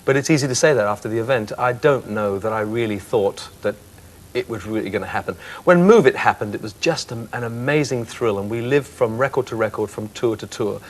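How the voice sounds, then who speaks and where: A man in his fifties, a singer guest on a chat show, reflecting candidly on his career in a thoughtful, soft-spoken way. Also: medium pitch, a little fast.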